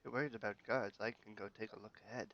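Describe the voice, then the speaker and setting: A man voicing a cocky, sneaky male newcomer who speaks quietly and offhandedly in a tabletop game, heard over an online call. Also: fairly low pitch, steady tone, very fast, close to an everyday voice. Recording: dull lo-fi online call, faint noise.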